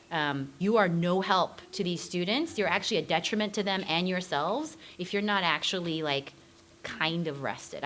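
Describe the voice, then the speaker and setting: A woman's voice: mid-range voice, fairly bright tone, a little hiss or hum. A woman leading a staff training session, enthusiastic and joking, with lots of fillers. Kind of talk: upbeat training talk to a group.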